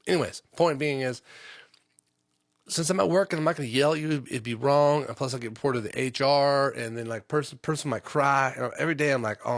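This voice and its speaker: A man's voice: mid-range voice, brisk, no room sound, clean studio sound. A man who works a union trade, hosting a podcast in a loose, rambling monologue full of swearing and fillers. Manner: profane, lots of fillers.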